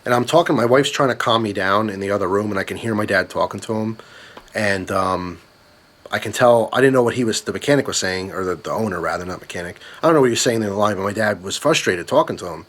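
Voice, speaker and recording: A man's voice: lowish voice, fast talker, fairly bright tone. A young man telling a story in a vlog, swearing often and ranting with anger. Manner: profane, ranting. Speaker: vlogger.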